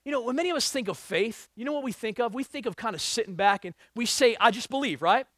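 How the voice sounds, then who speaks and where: High-voiced male pastor preaching. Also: lively intonation, fast, fairly bright tone, no room sound, clean studio sound. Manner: emphatic, asks the congregation rhetorical questions. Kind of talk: sermon.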